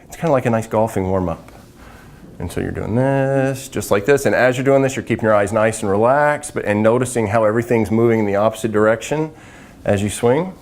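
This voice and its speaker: A man's voice: fairly low pitch, a little fast, a little mellow. A man casually demonstrating breathing and eye relaxation exercises, chatty and laughing at his own slips. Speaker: vision exercise instructor.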